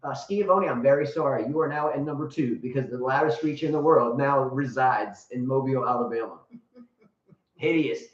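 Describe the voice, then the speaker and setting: A man who hosts a casual live show and also coaches tennis rambles and jokes bluntly, with crude humor. His medium-pitched voice moves fairly quickly, and the recording sounds roomy, distant, and dull.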